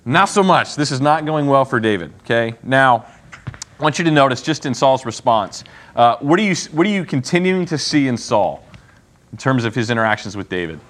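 Speaking in a mid-range voice at a normal pace, a man runs a relaxed Bible lesson for his class. His delivery is animated and playful, and he keeps quizzing his listeners.

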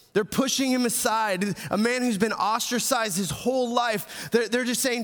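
A man preaching a sermon, retelling a scripture passage with frequent restarts, building to urgent emphasis and falling to a hushed close. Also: very high-pitched, moderate pace, few pauses, in a large hall. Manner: repeats words and restarts, grows louder and more urgent, then drops soft. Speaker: pastor.

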